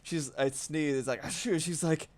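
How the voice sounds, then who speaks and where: A man's voice: medium pitch, a little slow, background noise. Rambling, laid-back male streamer. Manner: rambling, swears casually, laughs often. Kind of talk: casual livestream chat while drawing.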